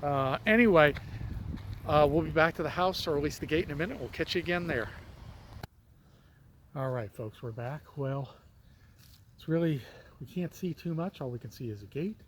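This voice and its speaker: Male vlog host, fairly high voice, rambling and self-correcting, recorded outdoors on a camera with clear street and traffic noise behind. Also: moderate pace, long pauses, poor audio. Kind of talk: casual walking vlog narration.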